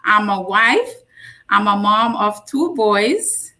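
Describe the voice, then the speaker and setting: A woman's voice: mid-range voice, lively intonation. A woman in her forties from Jamaica, a nurse practitioner giving a casual health talk, telling stories with emphatic repeats. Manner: slow, warm storytelling with emphatic repeats. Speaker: guest speaker, nurse practitioner.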